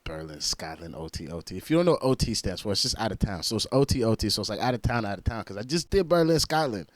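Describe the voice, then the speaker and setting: A man's voice: fairly low pitch, lively intonation, quick pace, dry recording. A man casually chatting through a reaction video, laid-back and slangy, full of "like.". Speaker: reaction video host and rapper.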